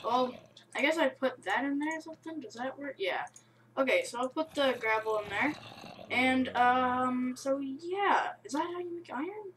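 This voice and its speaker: A young woman giving excitable, rambling let's-play commentary on her game, breaking into yelps. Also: high voice, moderate pace. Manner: excitable, rambling, bursts of yelling. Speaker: gamer. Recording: distant mic with faint hiss.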